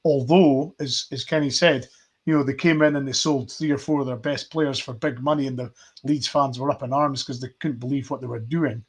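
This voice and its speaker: A man's voice: mid-range voice, steady tone, fairly quick, breathy edge. A man hosting a casual football fan podcast, reading out viewer messages and musing with fillers and restarts. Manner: thoughtful, rambling with fillers and sighs.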